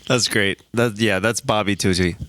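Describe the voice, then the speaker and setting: A man hosting a podcast in casual chat, relaxed, reading out listener questions. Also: on the low side, moderate pace, a little hiss or hum. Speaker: podcast host.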